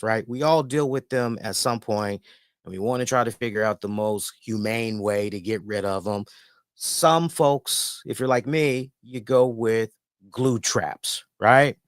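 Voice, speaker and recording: A man's voice: mid-range voice, no echo, clean studio sound. Chatty man hosting a wrestling show. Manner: animated storytelling with filler words. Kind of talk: casual chat.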